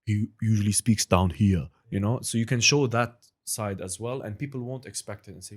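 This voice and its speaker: A man's voice: lowish voice, normal speed, husky. A man, a podcast guest and impressionist, chatting casually in a rambling, hedging way. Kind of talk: casual chat.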